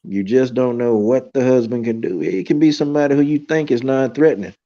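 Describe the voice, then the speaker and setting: A man hosting a podcast, telling a story in a loose, animated way and filling it with "you know" and "man". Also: mid-range voice, fairly quick, muffled recording. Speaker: podcast host. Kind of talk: casual storytelling chat.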